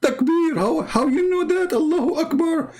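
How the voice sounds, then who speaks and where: A man voicing an indignant zealot who scolds in a shrill voice. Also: normal speed, darkish tone.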